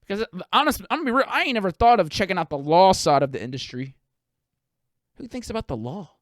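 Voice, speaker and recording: A man's voice: sits high, sing-song, rapid-fire, no echo, clean studio sound. A young man hosting a podcast, talking in a profane, rambling, self-deprecating way. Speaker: podcast host. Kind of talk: casual comedic monologue.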